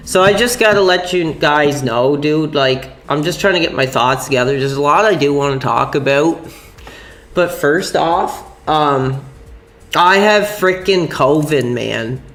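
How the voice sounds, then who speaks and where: Streaming live from an upstairs room in his house, a young man talks at an unhurried pace in a somewhat high, slightly bright voice. His chatter is loose and worked up, heavy on "dude" and softened cursing.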